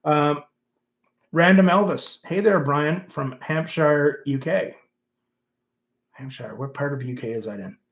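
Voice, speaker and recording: A man's voice: fairly high pitch, a little slow, long pauses, highs cut off. A middle-aged man with a Canadian accent, hosting a casual livestream and reading viewers' comments aloud in a musing, rambling way full of fillers. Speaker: host of his own channel.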